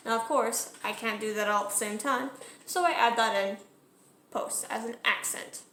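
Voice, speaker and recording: A woman's voice: a little high, normal speed, sharp tone, echoey room, slight background noise. A woman talking through how she builds her song cover in a casual tutorial, chatty and correcting herself as she goes. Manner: chatty, self-correcting, sings short phrases to demonstrate. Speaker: music cover creator.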